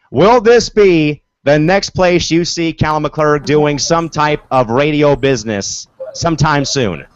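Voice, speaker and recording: A man's voice: a little high, dry recording. Chatty sports podcast man, lo-fi call. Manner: chatty, repeats "of course" and "folks". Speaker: podcast host. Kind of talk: casual online sports show.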